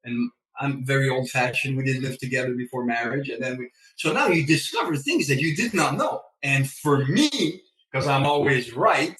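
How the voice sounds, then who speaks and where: A man talking as a podcast guest in a casual chat, an animated storyteller who acts out his own lines. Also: mid-range voice, moderate pace, hardly any pauses, distant mic. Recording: echoey room, away from the mic.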